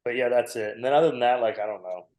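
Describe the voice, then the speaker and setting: A man's voice: mid-range voice, very fast, a little mellow. A man in his forties, a comedian guest, telling a long, self-mocking story on a podcast and laughing often. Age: 40s. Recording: roomy echo.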